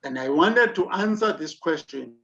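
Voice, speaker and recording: A South African man gives a leadership lecture full of emphatic rhetorical questions. His gravelly, fairly bright voice sits a little high for a man, with lively intonation and a moderate pace, in a dull, lo-fi recording.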